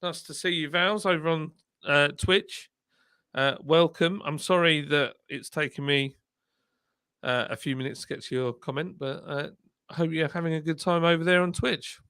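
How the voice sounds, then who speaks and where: A man's voice: fairly high pitch, fairly even intonation, moderate pace, sharp tone, clean tone, no echo, clean studio sound. A man hosting a casual livestream chat, talking bluntly and laughing often. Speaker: livestream host, former brewery boss.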